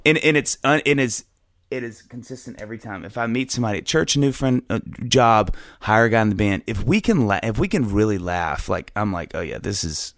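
A low-voiced man with a gravelly, fried edge, talking casually as a guest in a dry, close room. He rambles, doubles back on his words and laughs easily. His voice sounds middle-aged and relaxed. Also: brisk, no echo. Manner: rambling, self-interrupting, often laughing. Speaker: podcast guest, musician. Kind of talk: casual conversational interview.

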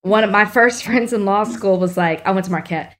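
A woman's voice: medium pitch, a little fast. A young woman from Texas with a Texan accent, co-hosting a podcast with playful, teasing, laughing chat. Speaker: podcast co-host.

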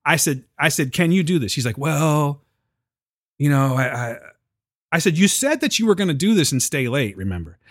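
Profane, animated man telling a story. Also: fairly high pitch, fast, hardly any pauses, husky, dry recording, clean studio sound. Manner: profane, animated, acts out quotes. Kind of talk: casual storytelling chat.

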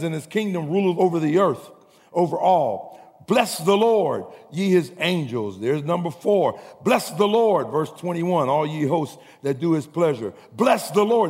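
A male pastor preaching a sermon to a congregation, with humorous asides and call-and-response that builds to shouting. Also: on the high side, creaky, long reverb tail.

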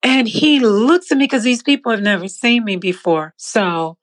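A woman guest telling her faith testimony in an interview, expressive and laughing often as she acts out the scenes. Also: mid-range voice, normal speed. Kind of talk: animated storytelling.

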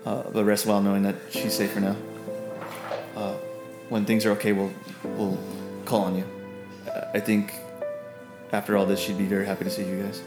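A man voicing a grateful, emotional male friend in a tabletop game, speaking softly and haltingly. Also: lowish voice, monotone, lightly acted. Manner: soft, halting, earnest. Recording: roomy sound with music behind.

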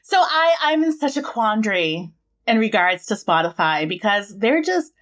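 A young woman co-hosting a podcast in casual chat, animated and playful, laughing often. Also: medium pitch, normal speed. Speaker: podcast co-host.

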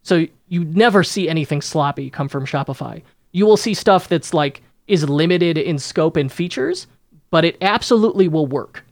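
A man's voice: on the high side, lively intonation, moderate pace, no room sound. A man hosting a podcast, talking in a casual, rambling way with many restarts and fillers. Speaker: podcast host. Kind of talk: casual chat.

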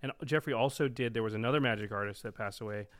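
A man's voice: lowish voice, fast. A man co-hosting a podcast about a card game, chatting casually with his co-host and often trailing off with fillers. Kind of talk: casual chat.

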